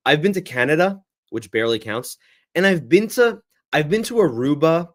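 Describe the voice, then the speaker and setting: A young man hosting a casual livestream Q&A, rambling and reacting to the chat in a lively, chatty way. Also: fairly high pitch, moderate pace. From United States. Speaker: livestream host.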